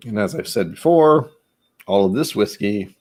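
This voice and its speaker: A man's voice: on the low side, expressive, normal speed, a little mellow. A man hosting a casual whiskey tasting vlog, chatty and rambling, who stumbles over words when he reads aloud. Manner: rambling, chatty, self-deprecating. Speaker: whiskey channel host.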